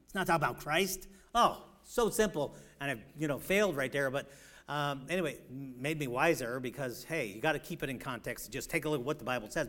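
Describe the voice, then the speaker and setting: In a mid-range voice, a male pastor delivers a rambling sermon full of fillers and restarts, alternating between loud, emphatic outbursts and hushed storytelling.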